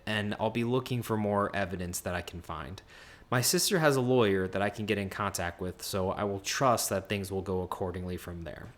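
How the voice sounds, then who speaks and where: A man's voice: lowish voice, fairly bright tone. A man reading online advice posts aloud and adding earnest comments that speak straight to the poster. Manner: earnest, advising the poster directly. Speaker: Reddit story reader.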